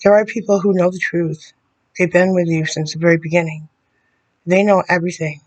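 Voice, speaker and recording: Woman, video letter to camera, level unvaried tone, bitter, confrontational, halting. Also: fairly low pitch, steady tone, a little mellow. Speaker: vlogger addressing a public figure.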